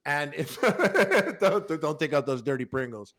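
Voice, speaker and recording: A man's voice: medium pitch, normal speed. A man telling a long, rambling story on a podcast in casual chat, swearing freely and full of fillers. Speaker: podcast panelist.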